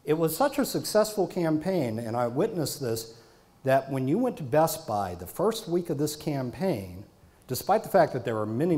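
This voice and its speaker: A man's voice: mid-range voice, mellow. A middle-aged man, a marketing consultant, lecturing a live audience in an emphatic way and stacking repeated phrases for stress.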